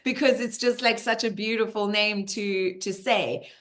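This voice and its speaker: Woman, middle-aged teacher, casual Q&A, lively storyteller who plays the quotes out. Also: mid-range voice, measured pace. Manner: animated storyteller who acts out the voices she quotes. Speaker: teacher hosting a community Q&A. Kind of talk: casual community Q&A talk.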